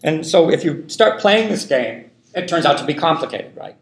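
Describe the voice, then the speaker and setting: Guy lecturing linguistics in a big echoey hall, gravelly voice, lots of um and "right?". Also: on the high side, expressive, normal speed. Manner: loose, thinking aloud, many fillers and "right?" checks. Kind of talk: classroom lecture.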